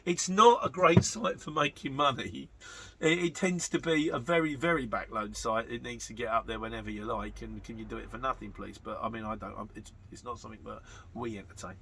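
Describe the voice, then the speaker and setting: Gravelly, chatty man. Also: mid-range voice, a little fast, fairly bright tone, a little hiss or hum. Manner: chatty and self-mocking, reads comments aloud. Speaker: vlogger reading viewer questions. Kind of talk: casual chat.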